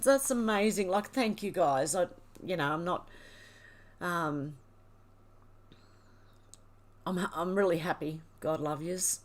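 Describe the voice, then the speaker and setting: A woman's voice: lowish voice, a little slow. A woman hosting a livestream, reading viewers' comments aloud while tearful and overwhelmed, laughing through it. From Australia. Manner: emotional, teary and laughing, overwhelmed. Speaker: livestream host. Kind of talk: reading live chat aloud.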